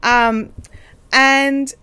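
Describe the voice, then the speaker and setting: A woman's voice: high-pitched, fairly even intonation, very slow, pushed and bright, clean tone. An Australian woman hosting a casual craft livestream, chatty and bubbly, rambling with lots of fillers. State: hiccups. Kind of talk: casual live chat.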